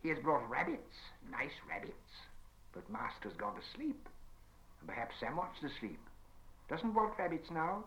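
Gollum, a shrill hissing creature. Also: male voice, very animated, unhurried, fairly bright tone. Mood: wheedling. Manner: talks of himself in third person, whining. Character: wretched hissing creature, cringing and spiteful.

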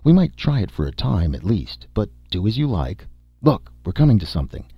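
A man voicing a composed, wry woman explorer in a storybook reading, with a husky voice and a calm, measured manner. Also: on the low side, no room sound, highs cut off, full character voice.

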